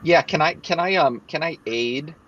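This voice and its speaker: A man playing a tabletop game, asking questions in a halting way and repeating himself. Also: a little high, a bit bright, highs cut off, slight background noise. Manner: halting, repeats his words. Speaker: player. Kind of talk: casual tabletop game chat.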